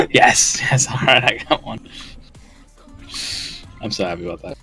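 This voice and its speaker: Streamer host, male, teasing banter full of laughs, very swingy animated pitch, soft music underneath. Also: measured pace, creaky, slightly rough. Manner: laughs often, swears freely, teasing. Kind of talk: casual voice-chat banter. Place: online voice chat during a game stream.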